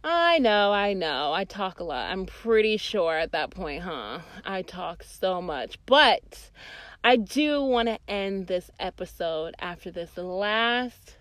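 A young woman hosting a podcast, telling a casual, profane story, swinging between loud bursts and quiet, sheepish asides. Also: mid-range voice, very animated, slow, no room sound. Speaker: podcast host.

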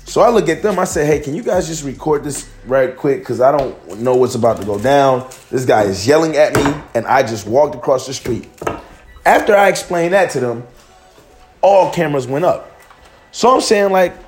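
A young man from Detroit telling a personal story on a podcast in a casual, animated way, acting out what others said and often calling listeners "bro". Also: on the high side, moderate pace. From Detroit, USA. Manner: animated, acts out other people's lines, peppered with "bro".

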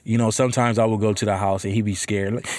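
A man hosting a podcast, telling a story about being a father in a casual chat, profane and heated, ranting with animated energy. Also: fairly low pitch, fast. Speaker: podcast host.

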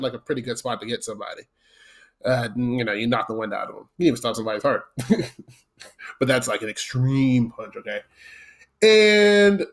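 A man telling a funny story in a casual, profane way, laughing often and acting out the other people's lines. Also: medium pitch. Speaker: podcast host telling a story.

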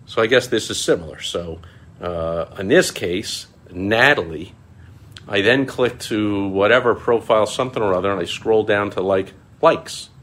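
A middle-aged man with a very low, deep voice tells a story in a casual vlog. He talks in a lively, animated way and chuckles often. At times he slips into mocking high quoted voices. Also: moderate pace. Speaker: small business marketing consultant, show host.

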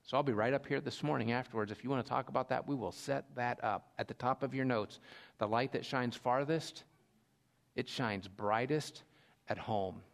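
A man preaching a sermon as pastor, telling a story with lively swings between loud emphasis and quiet asides. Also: mid-range voice, normal speed, gravelly.

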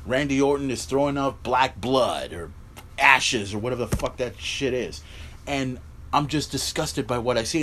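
A man's voice: medium pitch, fairly bright tone, a little hiss or hum. A man hosting a podcast, recapping a wrestling show in an incredulous, profanity-heavy rant full of rhetorical asides. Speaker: podcast host.

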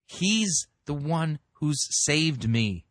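A man commenting critically on a sermon, explaining scripture in a measured way. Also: a little high, animated, a bit bright, no room sound, studio quality. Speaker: sermon reviewer.

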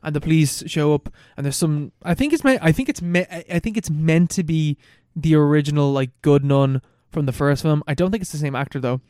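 A man's voice: a little high, a little mellow, clear, resonant tone, no echo, studio quality. A man in a casual chat, rambling and laughing as he recaps a film plot. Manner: rambling, laughing, swearing, fast storytelling.

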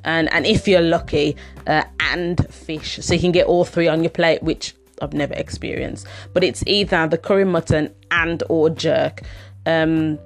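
A chatty woman telling a casual personal story, rambling along with plenty of "um"s. Her speaking voice sits fairly low, and soft music plays faintly behind her. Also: steady tone, a little slow. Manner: chatty, rambling, lots of fillers.

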